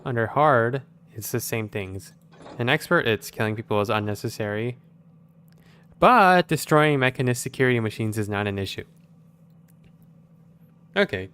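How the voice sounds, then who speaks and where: A man's voice: medium pitch, lively intonation, normal speed, long pauses, a bit bright, clean tone. A man playing a stealth video game, thinking aloud in casual commentary with wry, sarcastic asides. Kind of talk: casual let's-play commentary.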